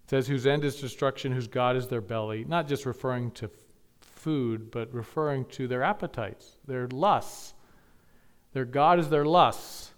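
A male pastor preaching a sermon, building to emphatic peaks and dropping to quiet asides. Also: mid-range voice, moderate pace, clear, resonant tone.

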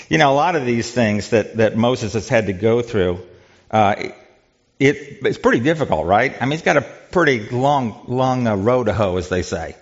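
A man's voice: medium pitch, animated, moderate pace, highs cut off. A man leading a church Bible study in a conversational way, quizzing the group and often repeating words.

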